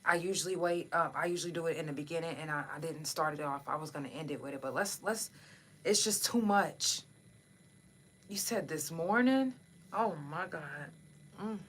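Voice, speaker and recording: A woman's voice: low voice, normal speed, a little hiss or hum. Impassioned, profane woman podcast host. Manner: speaks straight to listeners in the chat. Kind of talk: casual livestream talk.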